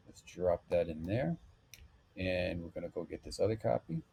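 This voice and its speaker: Low-voiced man talking through a web build. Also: normal speed, creaky, slight background noise. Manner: relaxed step-by-step talk with fillers. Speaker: web developer tutorial host. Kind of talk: screen-recorded coding tutorial.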